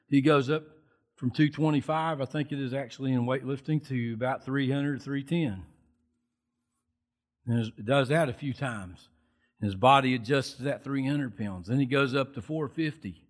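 A man preaching a sermon at a church service, telling Bible stories in a folksy, animated way. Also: medium pitch, moderate pace. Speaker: lay preacher.

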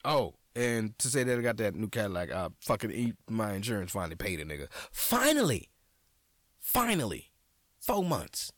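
Profane, animated man with a low voice. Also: quick pace, hardly any pauses, no echo, studio quality. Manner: profane, animated, jumps into high excited outbursts. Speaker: comedian and podcast host. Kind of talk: casual comedic monologue.

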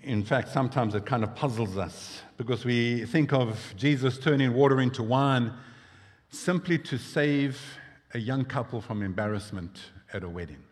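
A man's voice: medium pitch, moderate pace, in a large hall. A male pastor preaching a sermon, explaining scripture in a conversational way with personal asides.

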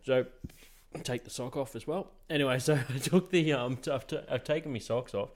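A young man hosts a casual podcast chat. His voice sits at an ordinary middle pitch. He tells stories in a laid-back way, swears freely and laughs often. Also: fairly quick. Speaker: podcast host.

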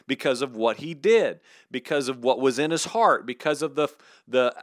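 A man's voice: fairly high pitch, a bit bright, no room sound, clean studio sound. A man hosting a podcast, teaching through a Bible passage in a casual, conversational way with slangy asides. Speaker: podcast host.

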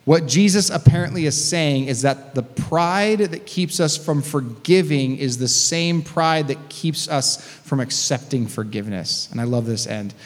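A pastor preaches a sermon in an unhurried, somewhat high voice with few pauses, reading scripture and breaking in with casual, conversational asides. A long hall reverb colors the recording.

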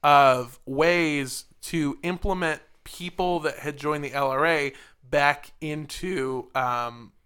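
A man's voice: fairly high pitch, takes it slowly, few pauses, fairly bright tone, smooth. A man co-hosting a podcast, rambling and jokey with a lot of swearing. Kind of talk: casual comedic chat.

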